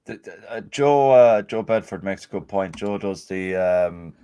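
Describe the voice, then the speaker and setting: A man's voice: sits low, measured pace, dark tone, clear, resonant tone. A man co-hosting a casual football podcast, chatting and reading out listener messages. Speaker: podcast co-host.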